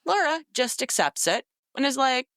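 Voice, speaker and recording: A woman's voice: high-pitched, very animated, normal speed, a bit bright, no room sound, clean studio sound. A woman co-hosting a podcast, recapping a novel in casual chat, sarcastic and exasperated, swearing freely. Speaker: podcast co-host.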